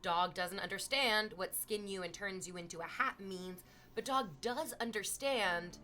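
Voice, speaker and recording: A woman's voice: mid-range voice, measured pace, sharp tone, soft background music. A woman streaming from home, chatting casually with viewers in a playful, teasing way, swearing freely.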